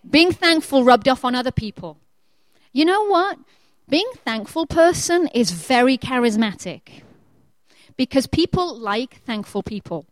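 A woman preaching a sermon, lively and conversational, who acts out the prayers of the people she talks about. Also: sits high, unhurried, no room sound. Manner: lively, acts out quoted prayers in changing voices.

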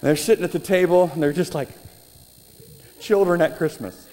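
High lively man preaching, lots of restarts, echoey hall w/ a bit of noise. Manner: animated, halting restarts. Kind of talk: sermon storytelling. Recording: reverberant hall, faint noise.

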